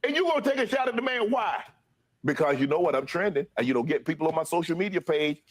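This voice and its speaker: A man's voice: on the high side, animated, quick pace. A man hosting a reaction commentary, incredulous and mocking. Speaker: commentary host.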